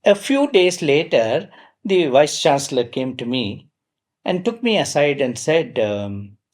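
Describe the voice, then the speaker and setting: Middle-aged man, slightly high voice; anecdotal devotional talk, lively, full of fillers. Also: a little slow. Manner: lively retelling with frequent fillers and self-deprecating asides. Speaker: speaker at a devotional gathering.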